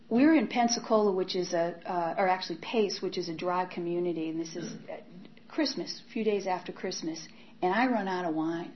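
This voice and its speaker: A woman's voice: lowish voice, a little fast, lo-fi sound. A woman giving an emotional personal testimony about her past, acting out her old inner voice and at times dropping to a whisper. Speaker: speaker sharing a recovery story.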